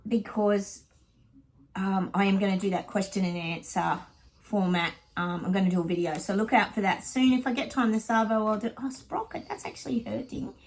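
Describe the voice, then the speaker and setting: A woman's voice: medium pitch, rough recording. Chatty Australian woman, rambling vlog. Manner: chatty, rambling, lots of ums and asides to her dog. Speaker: psychic vlogger. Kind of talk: casual chat to viewers.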